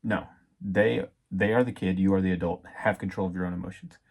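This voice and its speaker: Husky low-ish dad voice, gravelly, chatting about faith and kids, lots of ums. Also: male voice, fairly even intonation, darkish tone. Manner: reflective, halting with many fillers. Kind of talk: casual devotional talk.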